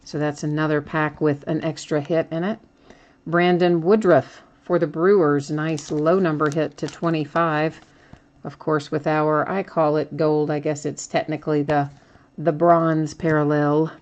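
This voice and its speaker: A woman's voice: low voice, flat delivery, measured pace, darkish tone. A woman hosting a card break, chatting casually as she names each card she pulls and laughs at her own slips.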